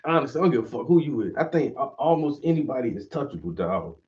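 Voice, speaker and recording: A man's voice: medium pitch, lively intonation, quick pace, a little mellow. A man ranting casually and profanely, acting out quoted voices as he goes. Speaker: stream host. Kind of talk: casual rant. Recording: dull audio, mic at a distance.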